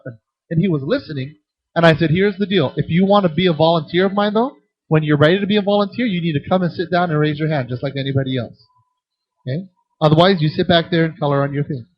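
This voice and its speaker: A middle-aged man giving a conference teaching session on children's ministry, telling stories with acted-out voices and shifting loudness. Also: on the high side, slightly rough, dry recording, muffled recording. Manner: animated storytelling with acted-out voices.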